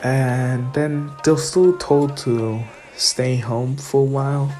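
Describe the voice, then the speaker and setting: Brief: very deep-voiced woman, slow, rambling fan storyteller, giggly. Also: steady tone, warm tone, faint music behind. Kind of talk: casual retelling of a fan what-if story.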